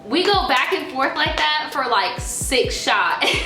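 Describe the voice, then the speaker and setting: A woman vlogger telling a story in an animated, profane way, acting out quotes. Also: high voice, slow, soft background music. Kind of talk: casual storytime. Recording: echoey room.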